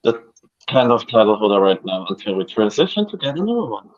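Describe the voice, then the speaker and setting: A man talks on a live stream, his voice low and the sound dull and lo-fi. He speaks haltingly, with fillers and easy laughter. It is casual chat, a guest telling his story. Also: big pitch swings. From Austria (Vienna).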